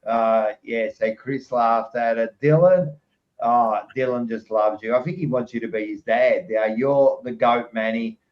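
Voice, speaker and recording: A man's voice: mid-range voice, fairly even intonation, a little slow. An Australian man hosting a sports podcast in casual chat, blunt and laughing a lot, swearing freely. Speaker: podcast host. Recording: dull lo-fi sound.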